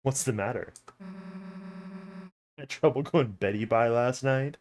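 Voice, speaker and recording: A man voicing a gruff teenage girl bully who teases in a slow, mocking drawl, reading game dialogue aloud. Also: mid-range voice, faint music behind, natural voice.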